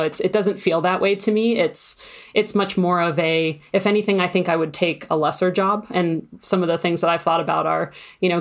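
Woman w a low voice, rambly, lots of "you know"s. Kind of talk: casual conversation.

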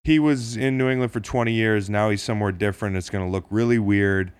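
A man's voice: lowish voice, fairly even intonation, quick pace, smooth, dry recording, clean studio sound. A man co-hosting a casual sports podcast, talking in a jokey, profane, rambling way with lots of restarts. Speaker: podcast co-host.

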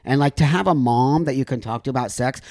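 A man's voice: mid-range voice, fast talker, a little mellow, dry recording, clean studio sound. Open, emotional man sharing his story. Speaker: guest. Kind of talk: candid podcast storytelling.

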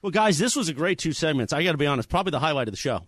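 A man's voice: on the high side, very animated, fairly bright tone, dry recording. A man hosting a sports radio show, teasing his co-hosts in casual banter. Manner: fast-talking, teasing.

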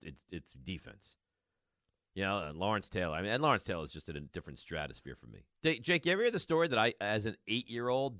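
A man's voice: low voice, a bit bright, dry recording, clean studio sound. A man in his forties hosting a call-in sports radio show, talking in an emphatic, teasing way. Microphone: studio microphone.

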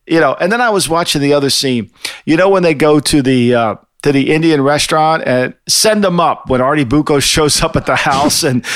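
A man's voice: a little high, fairly bright tone, dry recording, clean studio sound. An older man on a podcast, chatting casually in a rambling, profane way with many restarts. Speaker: podcast co-host. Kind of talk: casual chat.

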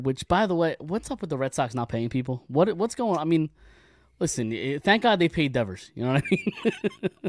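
A man's voice: mid-range voice, darkish tone, dry recording, clean studio sound. A man guesting on a sports podcast, talking casually and at length, often repeating words as he starts a thought.

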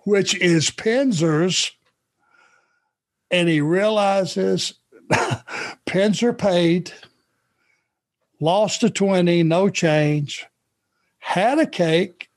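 A middle-aged man from Georgia, a former wrestler telling road stories in a relaxed, anecdotal way. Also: sits high, drawn-out words, long pauses. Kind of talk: podcast storytelling.

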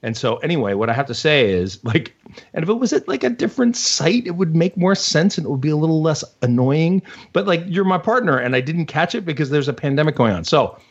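A man's voice: on the high side, big pitch swings, a little fast, slightly rough. A man chatting as a podcast guest, rambling and self-deprecating as he tells stories. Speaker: guest analyst. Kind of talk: casual podcast chat. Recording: dull lo-fi audio.

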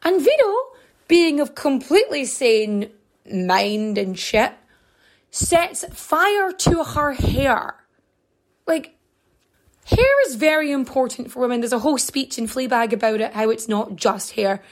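A woman's voice: sits high, animated, a little slow. A woman hosting a podcast, telling a history story in a casual, sarcastic and sweary way with lots of chatty filler words. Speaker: podcast host.

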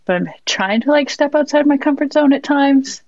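A woman's voice: sits high, normal speed, darkish tone. A woman from the West Coast of Canada, a guest in casual chat, modest and laid back, with many fillers. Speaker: guest, soccer player. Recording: dull dry sound.

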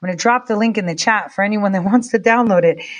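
A woman live-streaming casual commentary, excitable and rambling, with quick asides to her chat. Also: mid-range voice. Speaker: livestreamer.

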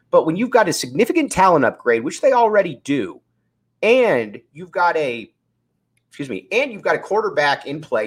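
Raspy-voiced man hosting a sports podcast. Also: fairly high pitch. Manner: rambling, off-the-cuff, upbeat. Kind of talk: casual sports talk, live show sign-off.

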